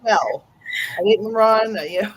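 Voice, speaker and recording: A woman's voice: medium pitch, a little slow, slightly rough, poor audio. A woman chatting casually on a podcast in a giggly, rambling way. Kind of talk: casual chat.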